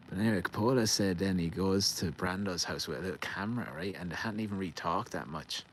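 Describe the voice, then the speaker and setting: A very deep-voiced Irish vlogger rattles off a relaxed, profanity-laced yarn in a garden, laughing readily and fumbling names along the way. He talks fast with barely a pause, and the poor-quality audio carries a faint outdoor hum.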